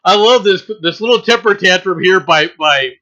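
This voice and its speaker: A political commentator delivers an emphatic rant, mocking opponents with scorn. The voice has a bright, cutting edge and a medium pitch. The speaker drives each point home by repeating it again and again. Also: normal speed, highs cut off. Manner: sarcastic and mocking, with scornful laughs.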